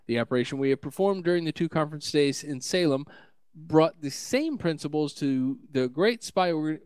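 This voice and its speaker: A man's voice: medium pitch, a little mellow, no room sound. A man co-hosting a casual tech news podcast, reading articles aloud with stumbles and laughter.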